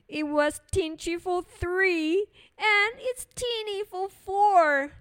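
Fields: Figure: fretful little old lady, read by a woman. Pitch: very high. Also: no room sound, studio quality, heavily acted. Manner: pleading, complaining, drawn-out sing-song.

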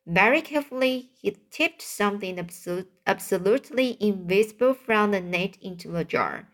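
A woman reading a children's book aloud, halting now and then to restart words. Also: medium pitch, animated. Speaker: reader.

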